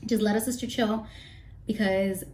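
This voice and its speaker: A young woman vlogger does her makeup while chatting in get-ready-with-me fashion, rambling a bit breathlessly with playful asides. Her mid-range voice has a steady, darkish tone at a moderate pace, and a little hiss or hum is audible.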